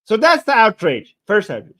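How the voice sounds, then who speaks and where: Pitch swooping wildly in a high, fairly bright voice at normal speed, a man rants to his viewers as a political commentator reacting to the news. He's agitated and sarcastic, repeating himself and raising his voice.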